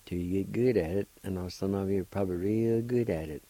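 A man hosting a radio language lesson, spelling out words letter by letter and repeating each pronunciation slowly and deliberately. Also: low voice, dark tone, dry recording, low-quality recording. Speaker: radio host teaching vocabulary.

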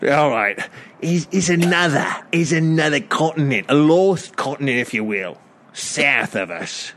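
Man putting on a folksy drifter sailor, high and lively, rambling in rough grammar. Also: unhurried. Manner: folksy drawl, ungrammatical, rambling tall tales. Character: rustic seafaring traveler man, tall-tale teller.

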